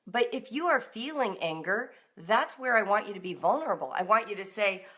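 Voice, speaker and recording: A middle-aged woman hosting a live-streamed talk for parents, animated and now and then acting out emotional outbursts in a raised voice. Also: medium pitch, brisk. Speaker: homeschooling author and host.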